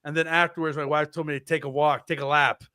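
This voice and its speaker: A man's voice: a little high, fast talker, crowd noise. A man in his thirties co-hosting a podcast, telling a story in casual chat and acting out the quotes on a close mic. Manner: animated storyteller, acts out quotes. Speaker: podcast co-host.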